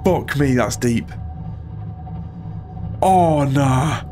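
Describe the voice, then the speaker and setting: Jittery gamer, swearing to himself. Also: male voice, medium pitch, extremely slow, over music. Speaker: gaming channel host. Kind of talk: let's play commentary.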